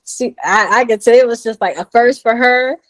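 A woman's voice: normal speed, rough recording. A woman in her thirties telling a personal story as an interview guest, acting out what others said in a raised voice. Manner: animated, acts out quotes in a high voice. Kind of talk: casual storytelling.

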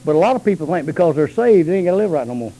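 A man preaching a sermon, moving between low, quick asides and high, drawn-out shouted calls. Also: lively intonation, poor audio.

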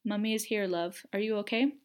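A woman reading an audiobook story, voicing a worried mother who gently coos and pleads with her frightened daughter. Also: medium pitch, fairly even intonation, fairly quick, close to an everyday voice. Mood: soothing.

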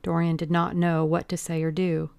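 A woman reading a classic novel aloud as an audiobook narrator, in a slow, deliberate, brooding manner. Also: fairly low pitch, completely flat delivery, gravelly, darkish tone, clean tone, no room sound, clean studio sound.

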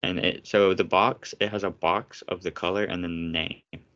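A man's voice: sits low, steady tone, moderate pace, fairly bright tone, lo-fi sound. A young man hosting a casual podcast, ranting sarcastically and swearing often. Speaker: podcast host.

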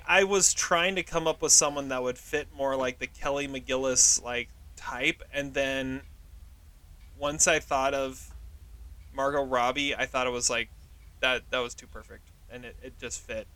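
A man hosting a casual podcast, animated and eager as he runs through his movie picks. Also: medium pitch, unhurried. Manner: animated, eager, laughs often. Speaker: podcast host.

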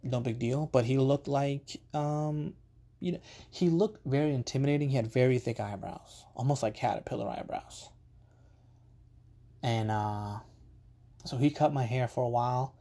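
A man tells a long, meandering story on his podcast, his voice dark and mellow at an ordinary middle pitch. He talks casually, drifting through asides and fillers and dropping the occasional curse. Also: moderate pace. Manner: rambling and conversational, swears casually, many ums and asides. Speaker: podcast host.

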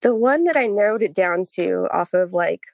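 A woman's voice: mid-range voice, lively intonation, moderate pace, gravelly, a little mellow, dry recording. Woman, podcast co-host, casual chat, out of breath, laughs a lot, reads notes aloud, dry sound.

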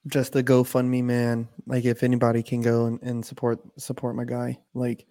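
A man's voice: mid-range voice, completely flat delivery, normal speed, mellow, no room sound. A man co-hosting a casual podcast, telling loose profane stories full of "bro" and "like". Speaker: podcast co-host. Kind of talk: casual chat.

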